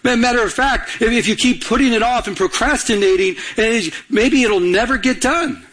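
Male pastor, high husky voice, urgent call-and-response sermon. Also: normal speed, fairly bright tone.

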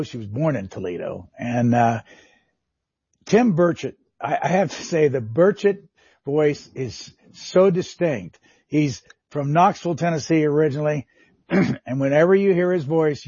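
Husky, dark-voiced male host. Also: a little high, no echo. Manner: probing questions, frequent throat clearing. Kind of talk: interview hosting. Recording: dry, muffled lo-fi audio.

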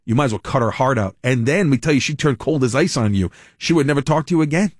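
A man hosting a talk radio show, reading news quotes aloud and adding lively asides. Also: medium pitch, fast, dry recording.

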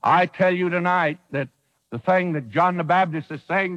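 A man's voice: on the high side, moderate pace, a bit bright, big-room sound, lo-fi sound. A man preaching a sermon with folksy wording and dramatic quoted lines, heard on an old radio broadcast.

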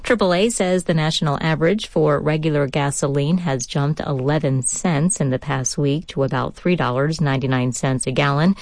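Woman, radio newscaster, low voice, formal bulletin read. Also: normal speed, hardly any pauses, a little mellow, no room sound. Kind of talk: news bulletin.

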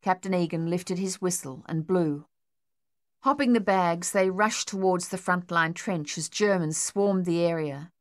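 A woman with a lowish voice narrates an audiobook in a steady, measured way. The sound is close and completely dry, as in a treated studio booth. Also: no room sound.

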